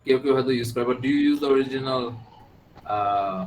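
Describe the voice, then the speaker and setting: A male university lecturer with a Bangladeshi accent, moving freely between English and Bengali as he quizzes his class. He talks quickly, and his voice rings in a roomy, echoey space with a faint hum behind it. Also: medium pitch, a little mellow. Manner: switches between English and Bengali, asks students rhetorical questions.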